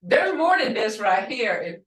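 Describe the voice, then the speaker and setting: A woman's voice: mid-range voice, very animated, unhurried, a bit bright. A woman teaching a language class, patiently repeating words to show how tone changes meaning. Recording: echoey room, voice from far off.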